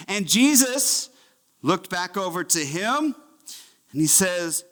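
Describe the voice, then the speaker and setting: A man preaching a sermon as pastor, telling a Bible story in an animated way and acting out the voices of its figures. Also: high voice, slow, pauses often. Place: church.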